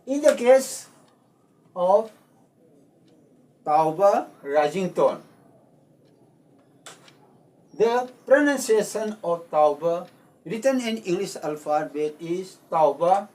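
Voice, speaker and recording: Brief: man, language teacher, unhurried drilling delivery, a little off-mic. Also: high voice, animated, a little mellow, recorded from a distance, poor audio. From Manipur, India. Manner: repeats words slowly, switching between two languages. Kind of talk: slow explanatory language lesson.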